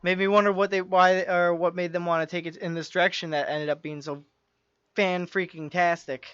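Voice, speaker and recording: An eager man chats on a podcast, rambling through restarts and fillers in a fairly high, smooth voice. The recording is dull and lo-fi, with a dry, close sound and no room echo. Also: flat delivery, a little fast, fairly bright tone. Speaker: podcast co-host. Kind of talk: casual chat.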